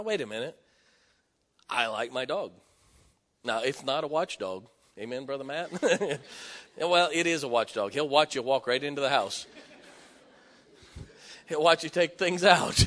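A man's voice: a little high, fairly bright tone. Folksy preacher man in a hall. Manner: folksy, joking preacher with rising emphatic bursts. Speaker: pastor. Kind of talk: sermon. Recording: long hall reverb.

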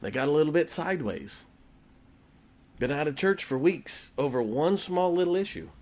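A man's voice: on the high side, lively intonation, normal speed, darkish tone. A preacher delivers his sermon in a blunt, emphatic voice. He stacks short, punchy declarations one after another and chuckles between them. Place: church before a congregation.

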